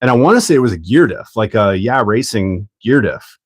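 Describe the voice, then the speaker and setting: A man hosting a casual livestream while building a kit, rambling and thinking out loud, often laughing. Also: on the low side, expressive, brisk, no echo.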